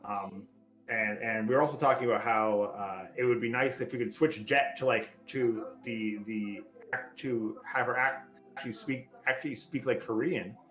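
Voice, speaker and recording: A man co-hosting a casual podcast, speaking in a relaxed, agreeable way with frequent restarts. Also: mid-range voice, normal speed, reverberant, low-quality recording. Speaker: podcast co-host.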